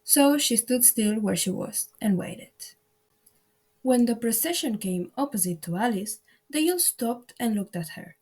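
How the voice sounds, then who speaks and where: A woman reading a children's classic aloud as an audiobook narrator, in a measured storytelling manner. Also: on the high side, lively intonation, a little mellow, slightly rough.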